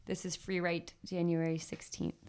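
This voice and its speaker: A woman's voice: on the low side, completely flat delivery, normal speed, darkish tone, smooth. A woman speaking as a podcast guest, chatting with enthusiasm and reciting her spoken word poetry with rhythmic emphasis. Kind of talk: casual chat and spoken word poetry reading.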